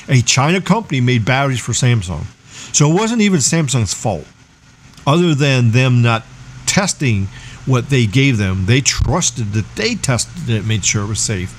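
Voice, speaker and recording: Energetic man hosting a tech livestream. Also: mid-range voice, normal speed, slight background noise. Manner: energetic, explaining, asks rhetorical questions. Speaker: livestream host. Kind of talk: casual tech livestream talk.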